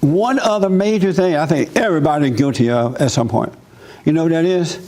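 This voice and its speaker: A man preaching an informal sermon, talking with his congregation and acting out others' voices. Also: brisk. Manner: animated, acts out mother in a high voice.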